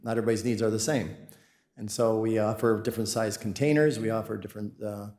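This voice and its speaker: A man presents his company's services to a city meeting in a friendly, rambling way, tripping over fillers and restarting his sentences. His voice sits somewhat low, and the council chamber gives it a clear echo. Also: fairly even intonation, quick pace, a little mellow. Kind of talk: public presentation to residents. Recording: echoey meeting room.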